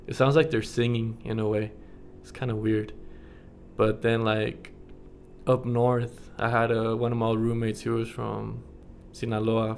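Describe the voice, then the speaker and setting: A man's voice: mid-range voice, gravelly, darkish tone, a little hiss or hum. A young man from the United States talking casually to his camera in a rambling vlog, full of fillers and frequent chuckles. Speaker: vlogger.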